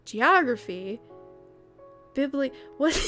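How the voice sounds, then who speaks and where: A woman's voice: high-pitched, expressive, very slow, bright, forceful tone, soft background music. A young woman chatting casually while streaming a game, rambling, stumbling over words and laughing often. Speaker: streamer playing a cleaning game. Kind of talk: casual livestream chat while gaming.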